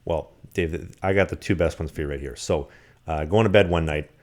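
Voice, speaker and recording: A man co-hosting a podcast, telling rambling, animated stories in casual chat. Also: extremely low pitch, fairly quick. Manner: animated, rambling anecdotes with acted-out quotes. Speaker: podcast co-host. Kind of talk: casual storytelling.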